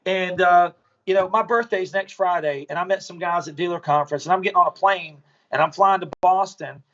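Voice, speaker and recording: A man's voice: sits high, a little fast, a bit bright, muffled recording. A man, a business owner, talking bluntly and profanely as a podcast guest, telling stories casually.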